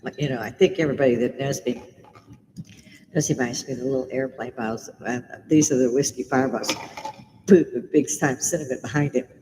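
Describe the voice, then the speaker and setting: A woman's voice: a bass voice, fairly even intonation, brisk, big-room sound, background noise. Blunt, swearing middle-aged woman streaming. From Britain. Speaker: live stream host. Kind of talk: casual livestream chat. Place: home bar.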